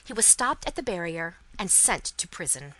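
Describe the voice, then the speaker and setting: A woman's voice: fairly low pitch, very animated, moderate pace, bright, forceful tone, heavily acted, rough recording. A woman voicing a frantic, distraught young wife in a storybook reading, pleading in broken, panting phrases.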